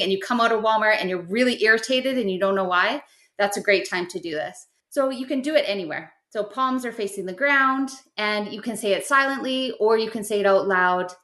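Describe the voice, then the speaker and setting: A middle-aged woman talks a listener through a simple practice in a gentle, step-by-step way. Her voice sits at a middle pitch for a woman. The room gives her voice a noticeable echo. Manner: gentle, instructive, step-by-step guidance. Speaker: guest teaching spiritual practice. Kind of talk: explanatory podcast chat. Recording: roomy echo.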